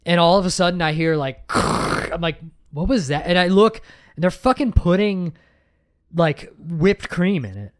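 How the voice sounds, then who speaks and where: A young man co-hosting a podcast, telling a story with plenty of swearing and self-mockery. His voice sits fairly high and sounds smooth and clear. The sound is close and dry. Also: expressive, a little slow, no room sound. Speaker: podcast co-host. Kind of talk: casual chat.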